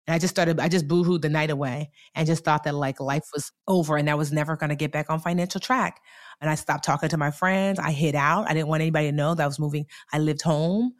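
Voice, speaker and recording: A woman in her forties telling her own story as an interview guest, in a chatty, animated way with many fillers. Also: deep voice, quick pace. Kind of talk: casual storytelling.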